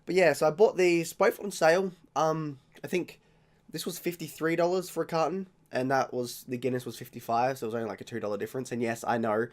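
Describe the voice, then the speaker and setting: A man's voice: a little high, steady tone, fairly quick. A young Australian man hosting his channel, talking casually and rambling, often correcting himself as he tastes beers. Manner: rambling, chatty, self-correcting. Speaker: channel host. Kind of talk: casual beer tasting vlog.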